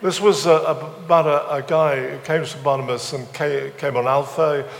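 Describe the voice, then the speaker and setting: A man's voice: a little high, fairly even intonation, normal speed, vocal fry, big-room sound. A man preaching a sermon, mixing scripture with humorous stories and self-deprecating asides. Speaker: visiting preacher. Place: church weekend away venue, large room.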